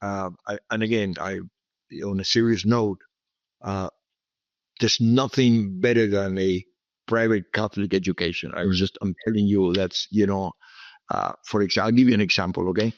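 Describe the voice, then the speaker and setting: This interview guest, a Cuban businessman in his seventies and a native Spanish speaker, has a lowish voice with fairly even intonation and a moderate pace, plus a Cuban Spanish accent. His stories wander and repeat, with frequent emphatic asides of "okay?" There's no room sound, and the audio is dull.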